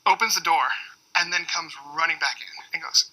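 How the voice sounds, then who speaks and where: A young man in an interview, calmly narrating a party story step by step. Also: a little high, moderate pace, low-quality recording. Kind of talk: casual anecdote interview. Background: music.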